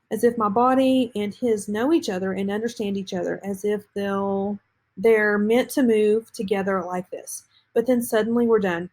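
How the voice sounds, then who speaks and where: A woman reading a novel aloud in a halting way, stumbling and restarting words as she goes. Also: mid-range voice. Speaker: reader.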